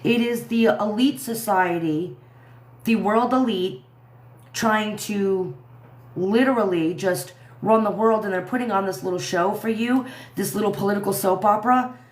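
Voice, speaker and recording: A woman's voice: mid-range voice, normal speed. A woman in her thirties rants to her livestream viewers, indignant and rambling, her voice sitting in the middle of the usual range. The room around her is echoey and gives her voice a hollow ring. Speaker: livestream commentary host. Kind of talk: casual livestream commentary.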